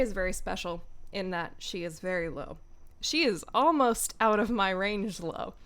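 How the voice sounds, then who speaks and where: A woman's voice: medium pitch, expressive, a little slow, a bit bright. A young woman, a voice actor, chatting casually on a home stream in a playful, rambling way with giggly asides.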